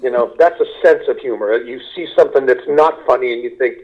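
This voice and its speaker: An older man from Kentucky, a stand-up comedian being interviewed, telling unhurried anecdotes and mimicking people in quotes. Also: medium pitch, slightly rough, muffled recording. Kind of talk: relaxed storytelling interview.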